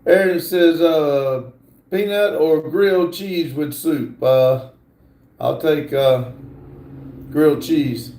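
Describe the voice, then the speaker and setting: Middle-aged man, livestream host, slow drawl, gravelly, reads comments. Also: a little high, dark tone, echoey room. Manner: slow, drawling, reads chat aloud with many fillers. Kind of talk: casual livestream chat reading comments.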